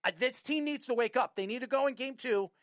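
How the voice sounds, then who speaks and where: A man's voice: very high voice, a little fast, fairly bright tone, no room sound, clean studio sound. A man hosting a sports talk show, ranting about basketball in a heated, emphatic way that keeps circling back to the same points. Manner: fired-up, repetitive, emphatic. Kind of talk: heated sports commentary rant.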